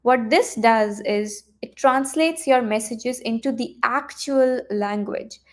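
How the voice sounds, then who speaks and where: A woman teaching a live online coding lesson, talking her students through the screen with lots of fillers, restarts and thinking out loud. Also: on the high side, slow pace. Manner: chatty, thinks aloud with many fillers and restarts.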